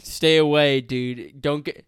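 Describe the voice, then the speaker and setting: A man's voice: on the high side, fairly even intonation, takes it slowly, clear, resonant tone, no echo, studio quality. A young man co-hosting a casual podcast chat, talking bluntly with lots of swearing and emphatic storytelling. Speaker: podcast co-host.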